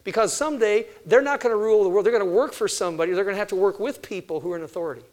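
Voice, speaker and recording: An older man giving a sermon-style talk on parenting, animated, asking his listeners questions and answering them himself. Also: high-pitched, rapid-fire. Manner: animated, acts out family conversations. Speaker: parenting speaker.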